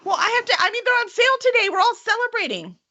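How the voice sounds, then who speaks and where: A woman voicing an eager, stubborn young woman who insists excitedly, on lo-fi stream audio. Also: very high voice, fast, pitched above the performer's own voice, exaggerated voice. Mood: giddy insistent.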